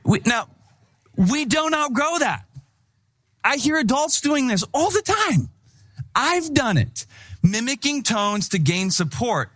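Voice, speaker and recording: A middle-aged male pastor preaching a sermon with animated storytelling, acting out voices in his anecdotes. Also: high-pitched.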